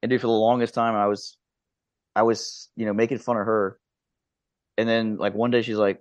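A laid-back man in his thirties with a low voice, chatting loosely on a podcast and tripping over restarts. The sound is dry and close, with a dull, lo-fi tone. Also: level tone, moderate pace, long pauses, no echo. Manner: laid-back, stammering restarts, swearing and laughing. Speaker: podcast co-host. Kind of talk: casual chat.

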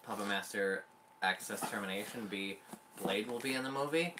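A man's voice: lowish voice, normal speed, sharp tone, rough recording. A man chatting casually as co-host, making dry, wry remarks. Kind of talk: casual chat.

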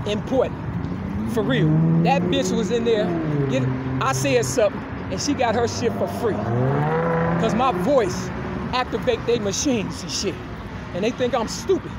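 Loud, profane woman ranting on the street. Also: on the high side. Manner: loud, profane, confrontational, repetitive. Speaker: vlogger. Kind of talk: angry street rant. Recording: street recording with car noise.

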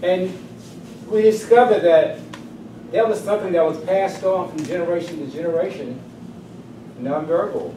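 A man, giving a humorous personal storytelling speech at a club meeting in a lively, emphatic way. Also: on the high side. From South Carolina, US. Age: 60s. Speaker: club speaker. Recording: echoey room, distant mic, background noise.

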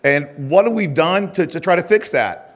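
Man, keynote speaker, conversational and animated, lots of fillers. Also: a little high, normal speed. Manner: chatty, full of "uh" and "it's like" fillers. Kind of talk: conference keynote. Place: conference stage.

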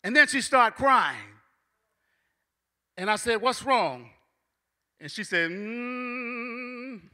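A man preaching a sermon as a church elder, with a repetitive cadence that builds into shouting. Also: high voice, sing-song, takes it slowly, big-room sound. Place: church sanctuary.

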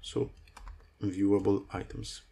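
Guy walking thru code, lowish voice, lots of uhs, keyboard typing behind him. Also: steady tone, slow pace, gravelly, warm tone, slightly rough. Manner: talks through code with many fillers. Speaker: coding tutorial host. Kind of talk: screen-recorded coding tutorial.

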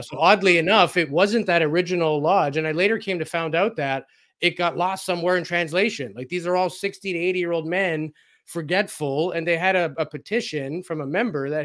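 This man, a guest on a radio interview, swaps casual personal anecdotes, performs the quoted conversations and leans on frequent fillers. He sounds fairly high-pitched and fairly bright, speaking fairly quickly.

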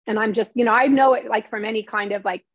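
A woman's voice: a little high, fairly even intonation, fast talker, dry recording, dull audio. A middle-aged woman, a former TV reporter, telling a personal story in an interview, candid and emotional, acting out what others said to her. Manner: candid and emotional, acts out quoted lines.

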